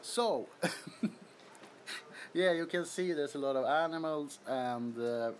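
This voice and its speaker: A man's voice: fairly high pitch, slow pace, slight background noise. A man with a Swedish accent hosting a casual livestream from an apartment, laughing often as he shows off kittens. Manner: giggly, amused, introducing kittens. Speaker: livestream host. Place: indoors, apartment.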